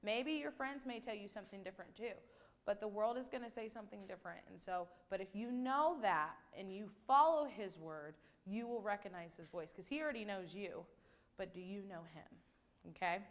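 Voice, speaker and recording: A woman leading a children's message in church, asking gentle questions and closing in prayer. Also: mid-range voice, animated, moderate pace. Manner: gentle, conversational, asks questions. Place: church sanctuary.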